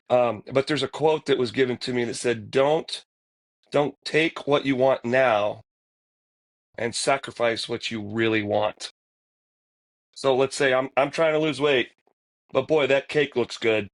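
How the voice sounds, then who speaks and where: Reflective man talking motivation. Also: medium pitch. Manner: reflective, motivational, checks in with listeners. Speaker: podcast co-host. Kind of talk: casual conversation.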